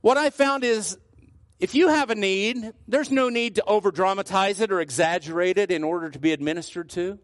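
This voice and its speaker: High-voiced earnest male pastor preaching. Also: brisk, dry recording, clean studio sound. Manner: earnest, varies pitch widely, drops low for emphasis. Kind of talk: sermon.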